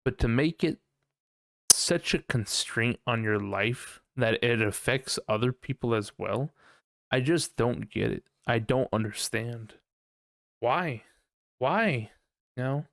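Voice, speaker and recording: A man's voice: mid-range voice, slow, creaky, dry recording, clean studio sound. A man hosting a casual solo podcast, rambling and swearing as he thinks aloud, often unsure of himself. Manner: rambling, profane, unsure musing. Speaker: podcast host.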